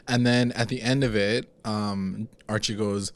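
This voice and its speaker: A man's voice: lowish voice, fairly even intonation, unhurried. A man co-hosting a casual TV recap podcast, laid-back and laughing often as he retells scenes. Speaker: podcast co-host.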